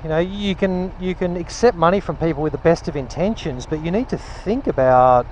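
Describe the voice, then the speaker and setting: A man's voice: fairly high pitch, brisk, a little mellow. A young man vlogging from his motorbike, rambling wryly and stopping himself mid-sentence as he acts out imagined conversations. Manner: rambling, wry, self-interrupting, acts out imagined dialogue. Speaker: motovlogger. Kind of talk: casual ranting monologue while riding. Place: on a motorbike in city traffic. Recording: wind and traffic noise outdoors.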